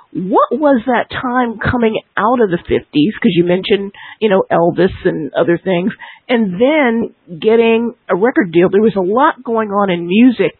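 A woman's voice: mid-range voice, slightly rough, no echo. A woman interviewing a guest on the radio, asking long winding questions over a tinny phone line.

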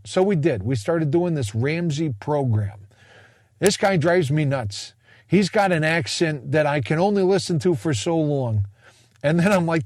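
A man's voice: a little high, animated, measured pace, a little mellow, no echo. A man in his forties giving a casual monologue, rambling with jokey, self-deprecating asides. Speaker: speaker sharing a personal finance story.

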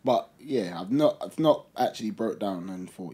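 Animated young man chatting. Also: fairly low pitch, moderate pace. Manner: laughs often, animated storytelling. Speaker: podcast co-host. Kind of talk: casual chat.

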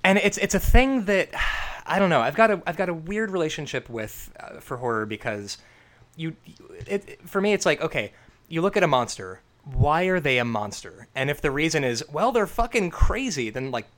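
A man's voice: a little high, expressive, moderate pace, fairly bright tone. Earnest man in casual podcast talk. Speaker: podcast co-host. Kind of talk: casual chat.

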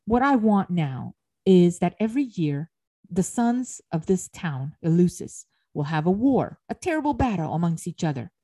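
A woman's voice: lowish voice, very animated, normal speed, warm tone. A woman voicing an angry, proud harvest goddess who scolds and makes solemn proclamations, read aloud within a lecture. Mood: stern. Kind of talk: dramatic reading within a lecture.

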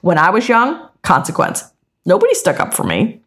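A woman's voice: mid-range voice, huge pitch swings, moderate pace, a bit bright. A middle-aged woman co-hosting a podcast, talking bluntly and emphatically in casual chat, with frequent swearing. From Italian-American. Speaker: podcast co-host.

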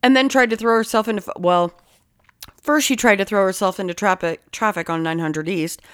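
Profane, animated woman telling a story. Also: medium pitch, brisk, clean tone. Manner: heavy swearing, animated storytelling. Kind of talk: casual chat.

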